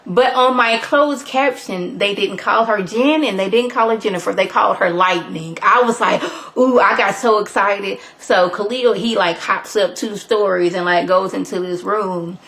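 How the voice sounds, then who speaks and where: A woman's voice: mid-range voice, normal speed, hardly any pauses. Chatty woman recapping a show. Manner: chatty, lots of "like", animated retelling. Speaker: vlogger. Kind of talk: casual TV episode recap.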